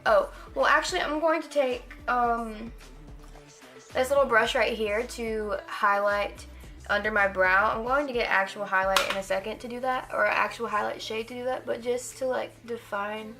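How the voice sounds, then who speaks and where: A woman's voice: fairly high pitch, fairly bright tone. An eighteen-year-old woman talking through a casual makeup tutorial, chatty and rambling with lots of "like" fillers. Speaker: makeup vlogger.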